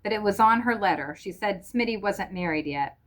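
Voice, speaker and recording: A woman reading the part of a confined, weary wife who keeps her voice low, quiet and without emotion. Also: lively intonation, moderate pace, lightly acted. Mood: flat guarded.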